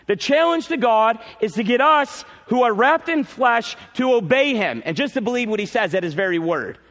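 A male pastor preaching a sermon in a church, emphatic, repeating key phrases and swinging between loud peaks and quiet drops. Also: very high voice, animated, normal speed, in a large hall.

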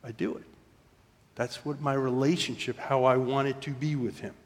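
A man's voice: mid-range voice, steady tone, moderate pace. Preaching man in a reverberant church. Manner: storytelling, drops to near-whisper for quoted moments. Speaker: pastor. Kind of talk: sermon. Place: church sanctuary.

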